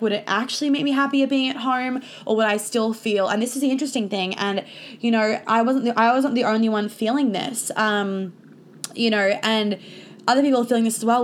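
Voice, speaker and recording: A woman's voice: a little high, slight background noise. A young woman telling a personal story in a casual confessional vlog, chatty and swearing freely. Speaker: vlogger and coach.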